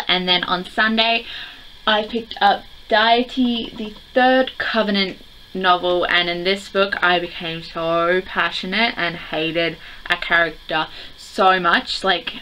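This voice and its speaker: Teen girl book vlogger, lowish voice with a sharp bright tone, chatty and rambling delivery. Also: a little hiss or hum, rough recording. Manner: rambling and chatty, heavy on "like" fillers. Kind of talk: casual chat to camera.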